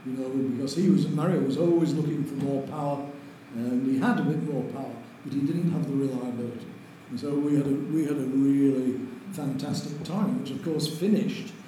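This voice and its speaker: An older man, telling lively anecdotes as an interview guest and chuckling through them. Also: mid-range voice, a little fast, hardly any pauses. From Lancashire, England. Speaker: interview guest, racing driver. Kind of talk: anecdotal storytelling. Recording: very echoey room with faint noise.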